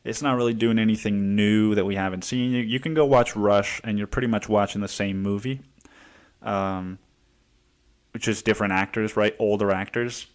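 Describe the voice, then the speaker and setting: A man's voice: lowish voice, fairly even intonation, normal speed. A man hosting a podcast in a casual, rambling monologue full of curses, fillers and restarts. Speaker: podcast host.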